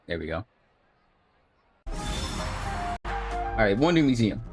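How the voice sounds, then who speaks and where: A man's voice: lowish voice, very animated, extremely slow, soft background music. A young man at home, streaming and reviewing gameplay footage in a laid-back, coaching tone that swears casually. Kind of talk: casual commentary.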